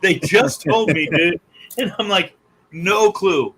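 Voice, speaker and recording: A man hosting a casual podcast, telling stories and teasing his guests loudly. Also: high voice, lively intonation, a little slow, breathy edge, low-quality recording. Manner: loud, joking storyteller who teases guests. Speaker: podcast host.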